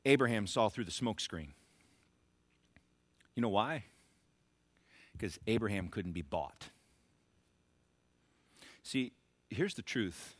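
A man preaching a sermon as pastor, emphatic and repetitive, rising to shouted bursts. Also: fairly low pitch, lively intonation, slow, long pauses, breathy edge, no room sound.

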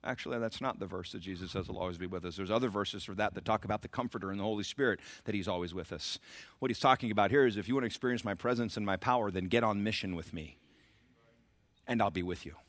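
A man's voice: lowish voice, quick pace, no echo. Emphatic male pastor preaching. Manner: preaching with rising, emphatic surges and asides to the congregation. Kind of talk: sermon.

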